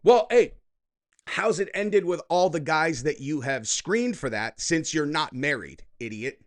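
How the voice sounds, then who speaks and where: A man in his thirties hosting political reaction commentary, sarcastic and mocking with loud outbursts. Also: on the high side, expressive, a little slow.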